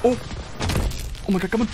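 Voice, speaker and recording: A gaming video creator giving live gameplay commentary, excitable, swearing and laughing often. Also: brisk.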